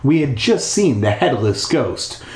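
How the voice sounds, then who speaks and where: A man's voice: mid-range voice, big pitch swings, measured pace. Irreverent man reading in an echoey bathtub. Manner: irreverent, swearing ad-libs. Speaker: reader. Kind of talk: reading a spooky kids' book aloud. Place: bathroom, in a bathtub. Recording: echoey bathroom.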